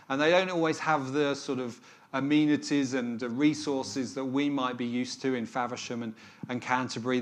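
A man preaching a sermon, telling a story in a reflective, earnest way. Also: medium pitch.

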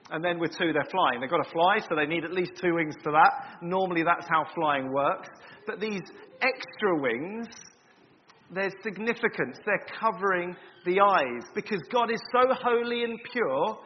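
A man preaching a sermon, explaining a passage in a measured way with frequent ums and repeated words. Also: sits high, a little hiss or hum. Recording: dull lo-fi recording in a reverberant hall.

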